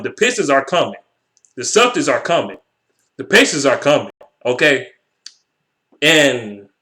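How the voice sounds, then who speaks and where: Swearing, ranting man, higher voice. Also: pushed and bright. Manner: heated, swearing, repeats himself. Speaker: sports vlogger. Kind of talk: profane sports rant.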